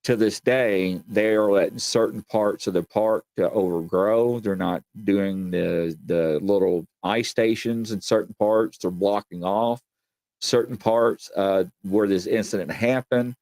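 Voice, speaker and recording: Rambling man, low voice. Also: a little slow, a little mellow, no room sound. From Kentucky. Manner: folksy, meandering, speaks to the audience directly. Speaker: paranormal talk show host. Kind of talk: casual rambling storytelling.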